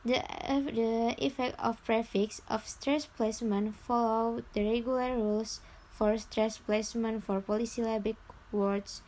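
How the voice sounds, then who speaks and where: Young woman student, somewhat high, slow reading of class notes in short phrases. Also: steady tone, darkish tone, low-quality recording. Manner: reads notes aloud in short, broken phrases. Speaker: student presenter. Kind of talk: classroom presentation.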